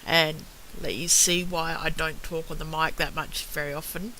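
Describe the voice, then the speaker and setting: A woman's voice: deep voice, steady tone, normal speed, bright, forceful tone, slight background noise, low-quality recording. A woman, chatting at home into her webcam in a rambling, filler-heavy way. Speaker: vlogger. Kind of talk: casual chat. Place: at home by a computer. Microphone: webcam on a computer.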